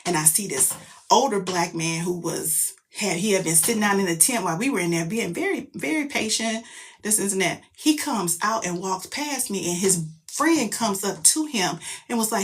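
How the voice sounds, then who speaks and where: A middle-aged woman, a mother, telling a story in casual chat, animated and profane, jumping into loud quoted outbursts. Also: medium pitch, moderate pace, husky.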